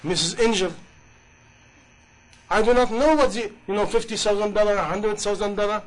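A man's voice: high voice, normal speed, low-quality recording. A man preaching a sermon in passionate, English, with many rhetorical questions. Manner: impassioned, rhetorical questions, non-native grammar.

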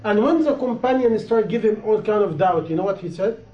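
Man preaching, high voice, impassioned, repeats for emphasis, dull lo-fi recording. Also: expressive, fairly quick. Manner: impassioned, repetitive, rising and falling emphasis. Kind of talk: sermon. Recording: echoey room, dull lo-fi sound.

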